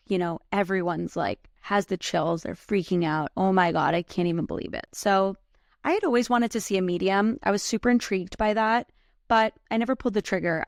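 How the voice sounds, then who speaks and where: A woman's voice: mid-range voice, no room sound, clean studio sound. A woman in her thirties hosting a podcast, telling a personal story casually with lots of "like" and some swearing. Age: 30s. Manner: casual, heavy use of "like", swears freely. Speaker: podcast host.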